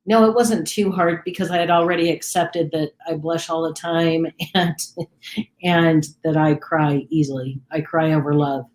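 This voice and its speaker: A man co-hosting a casual talk show, agreeable and quick to laugh. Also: fairly high pitch, steady tone. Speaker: co-host. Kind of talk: casual chat. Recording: echoey room.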